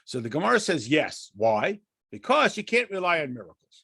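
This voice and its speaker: Man, American accent, animated Torah lesson, questioning manner, frequent restarts, close dry recording. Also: a little high, fairly quick, gravelly, slightly rough, no echo. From United States. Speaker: rabbi teaching a class.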